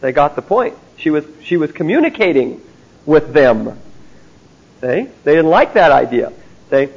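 A man's voice: fairly high pitch, sing-song, measured pace, husky. A man teaching a theology class in an emphatic way, often checking in with his listeners by asking "see?". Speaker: Bible teacher. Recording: dull lo-fi recording.

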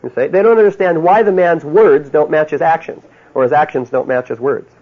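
A man's voice: a little high, a little fast. A man giving a seminar talk to a live audience, telling folksy stories with little chuckles and often asking "you see?". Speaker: seminar speaker on marriage. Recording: dull lo-fi tape of a talk.

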